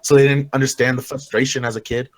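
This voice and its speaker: A man's voice: mid-range voice, little pitch movement, fast. A man from Florida co-hosting a live chat show, teasing the others in brash, profane casual talk.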